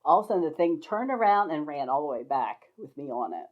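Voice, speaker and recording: Talking fast in a low voice with big pitch swings, an older woman spins rambling stories from her life and often bursts into laughter. It's a casual spoken memoir on dull, lo-fi audio.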